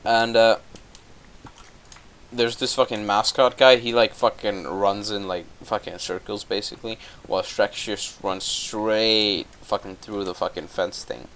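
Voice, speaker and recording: A man's voice: lowish voice, steady tone, a little slow, fairly bright tone. A young man casually retelling a film plot while gaming, swearing constantly and stumbling over fillers. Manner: profane, offhand, hesitant with many fillers. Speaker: gameplay commentator.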